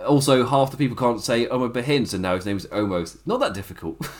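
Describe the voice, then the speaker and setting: A man's voice: medium pitch, animated, fast. A man giving a casual solo review of a wrestling show, chatty and loose, laughing often between points.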